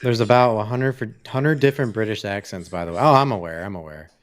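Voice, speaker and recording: Smooth, low-voiced man, laid-back podcast chat. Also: quick pace. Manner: laid-back, swears freely, laughs often. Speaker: podcast co-host. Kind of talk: casual chat.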